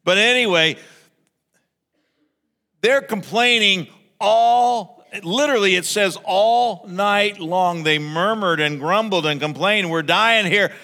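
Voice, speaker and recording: A man preaching a sermon as pastor, animated, acting out a grumbling crowd in raised voices. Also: high voice, takes it slowly, in a large hall.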